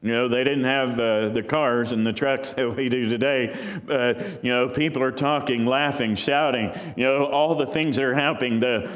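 A man's voice: medium pitch, fairly even intonation, moderate pace. A man preaching a sermon, telling a story in a conversational way and acting out voices from the crowd. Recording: long hall reverb.

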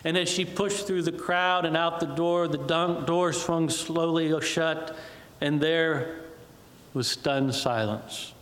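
A male preacher tells a story in a sermon, drawing out the dramatic moments. His voice sits a little high. A long reverb from a large hall hangs on every word. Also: steady tone, slow, fairly bright tone.

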